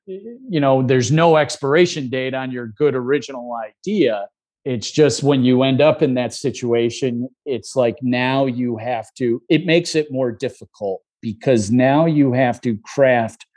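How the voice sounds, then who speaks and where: A man, a former reporter, calmly explaining how he handles press coverage in a conversational interview. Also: medium pitch. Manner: measured, calm, with frequent restarts. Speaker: media relations advisor, former reporter.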